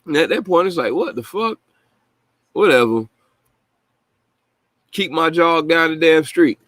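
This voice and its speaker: A man in his own casual commentary, heated and full of swearing. His voice sits a little high, and the sound is dry and close, with almost no room echo. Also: lively intonation, unhurried, a bit bright. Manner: indignant, heated, swears freely. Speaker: host reacting to news clips.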